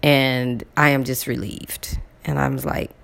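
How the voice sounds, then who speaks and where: Low gravelly woman telling a story. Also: slow pace. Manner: animated, repeats words for emphasis; addresses viewers directly. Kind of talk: casual storytime monologue.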